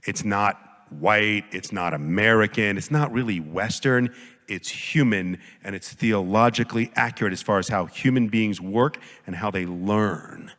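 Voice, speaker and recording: A man giving a conference lecture as a professor, lively and jokey, often acting out quoted voices. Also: a little slow. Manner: animated, jokey, acts out quotes with big pitch jumps. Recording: long hall reverb.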